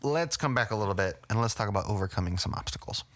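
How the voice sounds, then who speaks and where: A man co-hosting a podcast in casual chat, calm and steering the conversation with frequent pauses. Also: on the low side. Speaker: podcast co-host.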